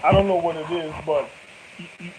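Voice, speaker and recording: A man's voice: fairly high pitch, fairly even intonation, a little fast, background noise. A man telling rambling stories to camera in loose slang, laughing often as he goes. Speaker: vlogger. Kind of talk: casual storytelling to camera.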